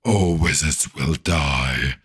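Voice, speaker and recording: A man voicing a menacing fiery goat-man demon, very low and slow. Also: fairly bright tone, husky, exaggerated voice.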